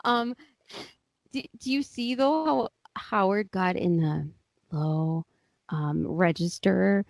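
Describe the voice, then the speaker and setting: A woman co-hosting a podcast in casual chat, amused, with a drawn-out delivery. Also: medium pitch, creaky, darkish tone, no room sound. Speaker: podcast co-host.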